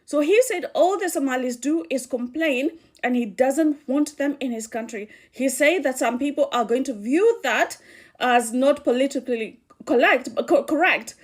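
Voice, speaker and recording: A woman's voice: high-pitched, normal speed, darkish tone. A woman with a Kikuyu accent delivering earnest political commentary as a channel host. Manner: earnest, warning.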